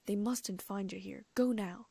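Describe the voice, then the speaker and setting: A woman voicing a huge gruff half-giant gamekeeper in a storybook reading, rough, trembling and urgent. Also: mid-range voice, a little slow, warm tone, no echo.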